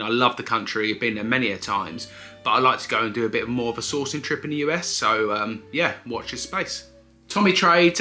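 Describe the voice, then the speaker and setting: Man, casual vlogger, chatty and explanatory, very bright tone, faint music bed. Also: medium pitch. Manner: chatty, explanatory, self-correcting. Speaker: eBay reseller vlogger. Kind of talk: casual vlog answering viewer questions.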